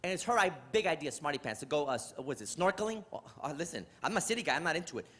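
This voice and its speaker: A middle-aged comic from New York City races through animated, exasperated stories on a theater stage, acting scenes out in a slightly high voice.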